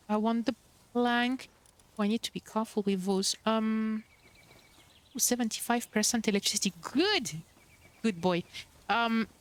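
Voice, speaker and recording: A woman's voice: on the high side, clean tone. A young woman streamer chatting casually while playing, bubbly and cooing over cute creatures. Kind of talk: casual gameplay commentary.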